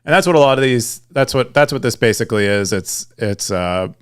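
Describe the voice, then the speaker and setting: A man's voice: mid-range voice, animated, fairly quick, clear, resonant tone. A young man co-hosting a podcast, talking casually with frequent fillers and restarts. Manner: rambling, many restarts and fillers. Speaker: podcast co-host. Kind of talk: casual chat.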